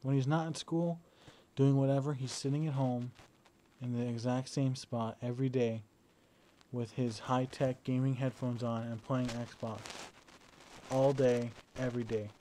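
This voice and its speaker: Mellow-voiced young man rambling on. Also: mid-range voice, flat delivery, measured pace, slight background noise, low-quality recording. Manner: rambling, chatty storytelling. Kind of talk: casual video diary to a partner. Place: at home indoors. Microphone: phone.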